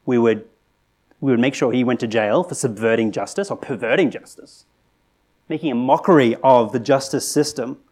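A man preaching a sermon in a conversational, earnest way, asking rhetorical questions and rising to animated emphasis. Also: medium pitch, moderate pace. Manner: conversational with frequent restarts and "right?".

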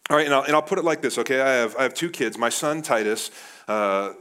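A man in his thirties preaches with animated, conversational energy, often turning to his listeners as "guys." His voice sits in an ordinary middle pitch. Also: quick pace, clean tone. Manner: animated, addresses the crowd as guys. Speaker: pastor. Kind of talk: sermon.

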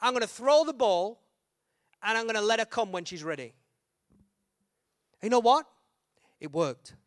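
A young man preaching a humorous sermon, telling a story with lively acted-out quotes and sudden shouts. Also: high voice, moderate pace, no room sound, studio quality.

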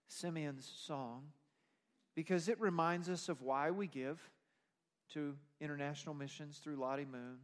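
A man preaching a sermon as pastor, explaining scripture in an emphatic way. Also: on the high side. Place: church sanctuary. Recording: long reverb of a church hall.

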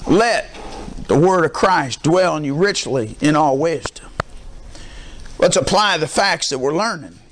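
A man's voice: a little high, lively intonation, measured pace, slight background noise. A middle-aged man preaching as a pastor, emphatic and prompting the congregation with call-and-response questions. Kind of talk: sermon.

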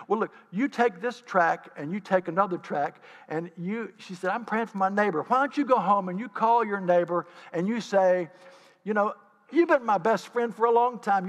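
A man preaching a sermon, telling stories and acting out the scenes with lively animation. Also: high-pitched, long reverb tail. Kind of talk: sermon storytelling.

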